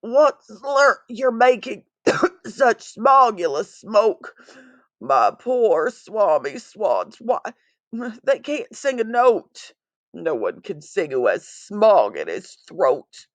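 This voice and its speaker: A woman voicing a small, gruff old male forest creature who scolds in a croaky, coughing voice, read from a storybook. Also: mid-range voice, sing-song, slow, no room sound, voice pushed up. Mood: scolding. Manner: scolding, indignant. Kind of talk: storybook reading.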